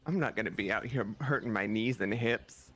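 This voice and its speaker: A man playing a tabletop game, relaxed and joking, with halting phrasing. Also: fairly low pitch. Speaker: player. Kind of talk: casual tabletop game play.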